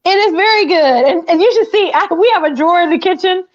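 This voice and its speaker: A woman's voice: very high voice, quick pace, a loud crowd. Chatty woman on a muffled call. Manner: chatty, laughing, exclaims often. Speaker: co-host. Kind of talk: casual podcast chat. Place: her office.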